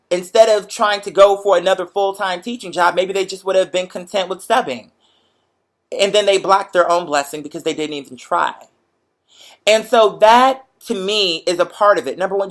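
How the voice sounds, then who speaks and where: A young man hosting a show, chatting to viewers in a lively, profane, motivational storytelling way. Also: high voice, moderate pace. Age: young adult. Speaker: show host. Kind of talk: casual livestream chat to viewers.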